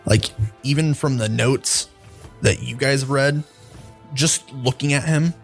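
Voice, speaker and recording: A man's voice: medium pitch, slow, faint music behind. A man narrating a tabletop game as dungeon master, in a casual, loose way with many fillers.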